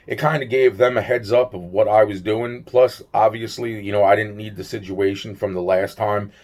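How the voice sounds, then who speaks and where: A man's voice: fairly low pitch, fairly even intonation, normal speed, darkish tone. A man telling a long personal story in a rambling, repetitive way, swearing freely and trailing off into fillers. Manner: rambling, repetitive, full of "you know" and "blah blah blah", swears freely. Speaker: vlogger. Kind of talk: casual rambling storytelling to camera.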